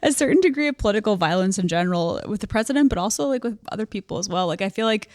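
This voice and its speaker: A woman's voice: medium pitch, lively intonation, racing, darkish tone, dry recording, studio quality. A woman co-hosting a podcast, chatting about politics in a wry, easygoing way. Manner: wry, easygoing, laughs readily. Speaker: podcast co-host. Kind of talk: casual political chat.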